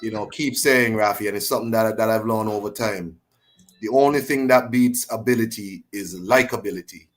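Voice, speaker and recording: A man appearing as a guest commentator in a casual discussion, opinionated and quick to laugh. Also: on the low side, soft background music.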